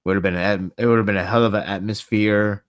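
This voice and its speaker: A man hosting a podcast in casual chat, laughing often and jumping between quick tangents. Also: on the low side, fairly even intonation. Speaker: podcast host.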